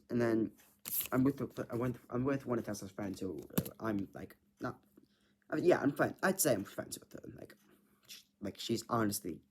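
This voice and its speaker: A man's voice: fairly low pitch, gravelly, a little mellow, slight background noise. Rambling, swearing young guy telling a story. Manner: rambling, heavy filler words, frequent swearing. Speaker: vlogger.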